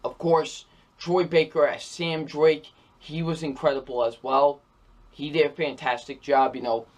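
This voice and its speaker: A man's voice: a little high, steady tone, unhurried. A man giving a casual, enthusiastic video game review, repeating his praise with lots of fillers.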